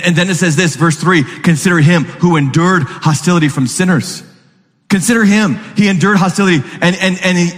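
Animated pastor preaching in a reverberant hall. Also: male voice. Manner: animated, acts out voices with sudden high pitch jumps. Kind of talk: sermon.

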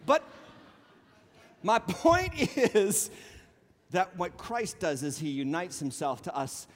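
A middle-aged male pastor preaching a sermon in an animated, joking way, with sarcastic asides. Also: sits high, slow pace, big-room sound. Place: church sanctuary.

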